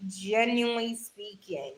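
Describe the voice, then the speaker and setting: Holding a phone in her hand, a young woman hosts a casual livestream, reading comments, calling viewers darling, and laughing often. Her mid-range voice is expressive and a little slow, and the rough recording carries slight background noise.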